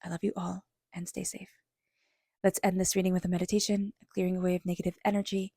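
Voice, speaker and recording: Tarot lady, low flat voice, gravelly, soft flowing affirmations. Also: fast talker, dry recording, clean studio sound. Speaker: tarot reader. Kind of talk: spiritual tarot reading and guided meditation.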